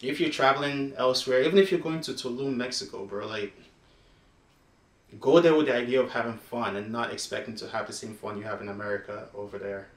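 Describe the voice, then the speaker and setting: A man's voice: mid-range voice, a little fast. A man from Africa hosting, chatting to camera in an emphatic, casual way as he reacts to a clip. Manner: emphatic, chatty, addresses viewers directly. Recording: roomy echo.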